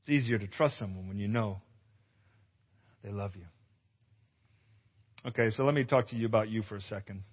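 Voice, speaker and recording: Animated male pastor in an echoey hall. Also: lowish voice, moderate pace, long pauses, husky. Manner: animated storyteller who acts out dialogue and exclaims loudly. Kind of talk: testimonial sermon. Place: conference hall. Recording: echoey hall, dull lo-fi sound.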